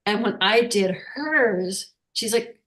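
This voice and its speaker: Woman, guest speaker, casual storytelling, halting, lots of restarts, roomy echo. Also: medium pitch, expressive, a bit bright. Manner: halting, with many restarts and fillers.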